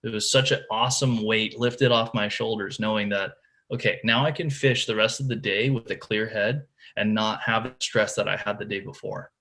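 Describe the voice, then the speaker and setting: A man's voice: on the low side, steady tone, normal speed, pushed and bright. A man guesting on a podcast, telling a tournament fishing story in a casual way, full of "like" and "dude" and often restarting his sentences. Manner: restarts and repeats words while telling the story.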